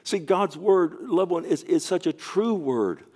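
A man who is a pastor, preaching a sermon and telling a story, often falling to a soft, near-whispered voice with stammering restarts. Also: high voice, lively intonation, measured pace.

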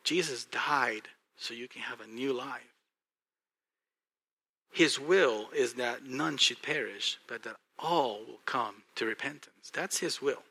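A male pastor with a Texan accent preaching a sermon, swinging from hushed, earnest passages to loud, excited bursts. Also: mid-range voice, slow, vocal fry, husky.

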